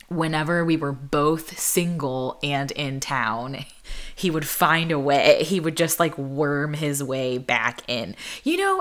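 Singer-songwriter, woman, 30s, deep voice, candid storyteller, loose and laughing. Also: fairly bright tone. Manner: chatty and candid, full of "like" fillers, laughs often. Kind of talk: casual storytelling.

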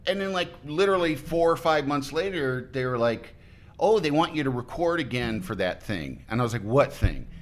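A man's voice: mid-range voice, sing-song, normal speed, a little hiss or hum. A man on a podcast as a guest, chatting casually and telling a rambling anecdote, often breaking off mid-sentence and acting out what people said. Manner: rambling, self-interrupting storyteller who acts out quotes.

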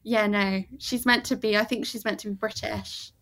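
A woman's voice: mid-range voice, fairly even intonation, moderate pace, a bit bright. A woman co-hosting a casual chat about a movie, talking freely, laughing often and trailing off mid-sentence. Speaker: podcast co-host.

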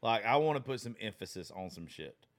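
A man's voice: fairly low pitch, sing-song, a little fast. A man in his thirties in a casual chat, rambling with lots of fillers and swearing about his daughter.

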